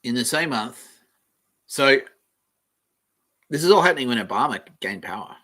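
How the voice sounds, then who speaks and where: Husky Australian man, rambling and offhand. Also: medium pitch, lively intonation, moderate pace, sharp tone. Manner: offhand, meandering, swears casually. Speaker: podcast host. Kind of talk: rambling solo podcast, reading aloud.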